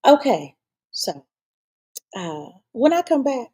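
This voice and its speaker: A woman's voice: high voice, sing-song, takes it slowly, warm tone, slightly rough. A woman hosting her own talk show, chatting casually and rambling with many fillers and restarts. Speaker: show host. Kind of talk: casual live-show chat.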